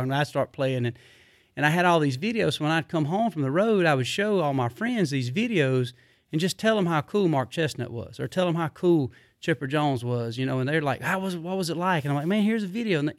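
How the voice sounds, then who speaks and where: A middle-aged man, telling rambling stories in a casual, animated way, full of fillers. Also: mid-range voice, no room sound, clean studio sound. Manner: rambling, animated, drawling Southern speech with repeated fillers. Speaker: podcast guest. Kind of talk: casual storytelling.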